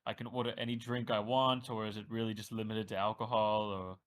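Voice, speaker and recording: A man's voice: on the low side, little pitch movement, fairly quick, fairly bright tone. A man playing a tabletop game in character, hesitant with stammering restarts. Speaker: player. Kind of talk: tabletop role-play in character.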